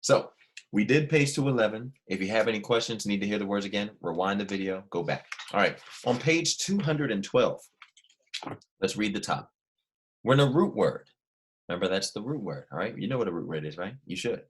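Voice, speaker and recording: A man's voice: fairly low pitch, expressive. A man teaching a recorded language lesson, explaining patiently step by step and asking his students questions. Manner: slow, careful dictation with each word repeated.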